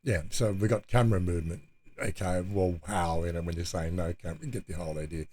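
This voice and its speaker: A man's voice: deep voice, fairly even intonation, quick pace, darkish tone. Rambling, hesitant male vlogger. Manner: meandering, hesitant, many fillers and restarts. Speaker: channel host. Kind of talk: casual rambling vlog talk.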